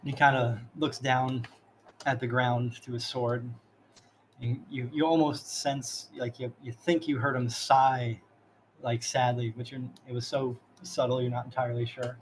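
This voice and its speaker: A man's voice: mid-range voice, flat delivery, measured pace, a little hiss or hum, poor audio. A man running a tabletop game as game master, describing scenes in a casual, loose way.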